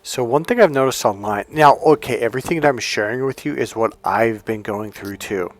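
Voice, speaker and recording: A man's voice: mid-range voice, fairly quick. A man talking off the cuff as a life coach, often restarting and searching for words. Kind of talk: unscripted motivational talk to camera.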